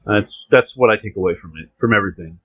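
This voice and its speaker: Husky-voiced man hosting a podcast. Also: lowish voice, a bit bright, dry recording. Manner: laughs often, halting restarts while reading. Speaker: podcast host. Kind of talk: casual podcast chat, reading news aloud. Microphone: close podcast mic with headphones. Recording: dull lo-fi dry podcast audio.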